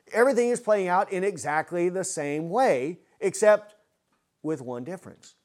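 A man's voice: high voice, normal speed. A man preaching an expository sermon, earnest and full of rhetorical questions.

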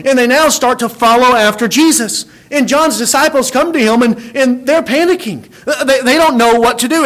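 A man preaching a sermon, animated, acting out quoted dialogue and often repeating words as he starts a phrase. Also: extremely high pitch.

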